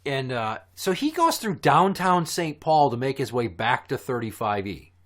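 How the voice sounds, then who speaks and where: A man hosting a podcast spins a rambling anecdote, swearing freely and building the story with lively bursts. His voice sits at an ordinary pitch for a man and carries an easy, chatty rhythm. He talks like a friend recounting a bad day. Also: moderate pace. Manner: profane, animated storyteller. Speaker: podcast host. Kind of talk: casual storytelling chat.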